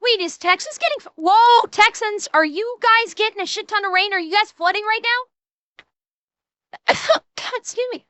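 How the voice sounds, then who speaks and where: Woman, streamer, excitable reaction chat, trips over her words, bright tone. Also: extremely high pitch, moderate pace, no room sound. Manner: excitable, swears, frequent restarts. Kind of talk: casual reaction commentary.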